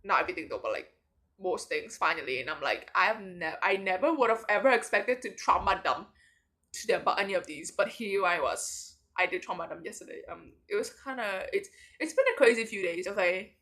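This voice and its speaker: This young vlogger, about to begin university, rambles sleepily through a late-night confessional packed with fillers and frequent "likes." She speaks briskly and expressively in a medium-pitched, slightly bright voice.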